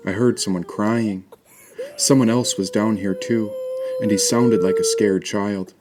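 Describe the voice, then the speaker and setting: A man narrating a first-person fantasy story in a measured, descriptive way. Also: fairly low pitch, steady tone, very noisy.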